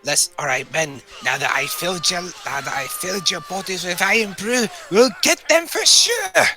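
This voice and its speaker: A man's voice: fairly high pitch, normal speed, pushed and bright, soft background music, voice pushed down. A man voicing a boastful, swearing army general in a put-on Scottish accent, in a fan-voiced game playthrough. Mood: blustering. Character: blustering brutish male army general, sore loser.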